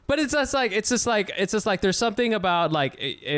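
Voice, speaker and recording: A man co-hosting a casual podcast, laid-back and quick to laugh and agree. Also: sits high, big pitch swings, a bit bright, clean tone, dry recording. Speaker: podcast co-host.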